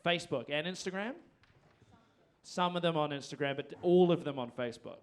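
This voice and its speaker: Holding a handheld mic, a man with a higher-than-average voice and a brisk delivery emcees a live music show from a performing arts venue stage. He rambles and is self-deprecating.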